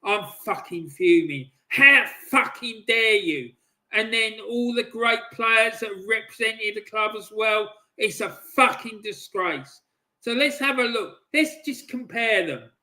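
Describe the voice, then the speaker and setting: Angry guy ranting about football, high bright voice, swearing and yelling. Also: expressive, measured pace. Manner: furious, sweary, shouting bursts. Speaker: football channel host. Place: at home, stepped off camera.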